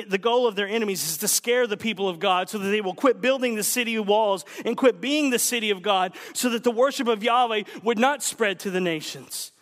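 Brief: male pastor, high voice, punchy alliterative sermon delivery with pauses, long hall reverb. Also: fairly bright tone. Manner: emphatic, alliterative preaching with dramatic pauses.

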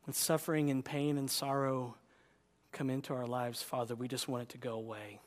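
A man's voice: mid-range voice, little pitch movement, normal speed. A man preaching a sermon as pastor, emphatic and impassioned, in a church. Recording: long reverb of a large hall.

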